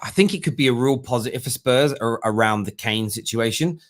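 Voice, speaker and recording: A man hosting a casual live football stream, slangy and chatty with quick restarts. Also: medium pitch. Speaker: host.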